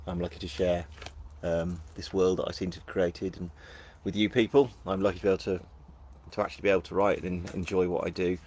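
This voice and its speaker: A middle-aged man with a Northern English accent and a low, husky voice, chatting casually through viewer comments on a live stream. He talks in a jokey, self-deprecating way and breaks into bursts of excited enthusiasm. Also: fairly quick. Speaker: author hosting a live book launch.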